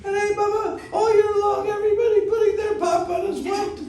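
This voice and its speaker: Brief: excitable river goddesses voiced by a man, very high and shouting, echoey room from far off. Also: normal speed, some chatter behind, a little hiss or hum. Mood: exasperated. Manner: high, loud, sing-song shouting.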